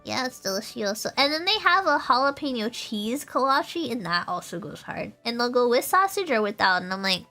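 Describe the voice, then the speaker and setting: A woman's voice: on the high side, big pitch swings, brisk, few pauses, pushed and bright, faint music behind. A woman streamer chatting casually with her viewers, bubbly and rambling, laughing often. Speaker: vtuber streamer.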